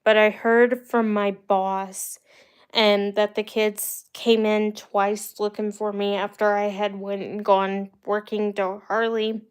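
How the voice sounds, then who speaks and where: A young adult woman from the United States hosts a livestream, telling rambling personal stories to live viewers in a chatty, casual way with the odd laugh. Her medium-pitched voice is clear and resonant, with little pitch movement, and she takes it slowly.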